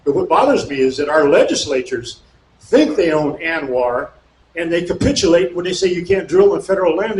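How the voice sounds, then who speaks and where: A man reading aloud and explaining to an audience, indignant and fired-up, with mocking asides and bursts of shouting. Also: a little high, lively intonation, a little fast. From California. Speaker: speaker at a local meeting. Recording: echoey room with faint background noise.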